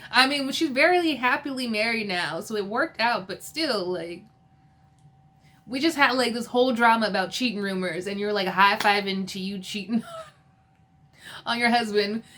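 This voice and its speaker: A woman's voice: medium pitch, sharp tone. A woman chatting casually as she recaps a TV episode, filling her speech with "like" and laughing often. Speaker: TV episode reviewer.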